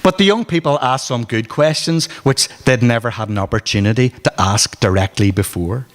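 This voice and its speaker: A man's voice: mid-range voice, normal speed. A man with a Northern Irish accent reading aloud from his memoir at a book launch, in a dry, wry storytelling manner. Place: arts centre hall at a book launch. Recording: reverberant hall.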